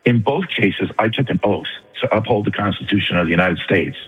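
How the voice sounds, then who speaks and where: An older man with a New York accent, calling in to a radio talk show, talking fast and earnestly. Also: on the low side, lively intonation, breathy edge, in a large hall, phone-quality sound, faint music behind. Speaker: caller.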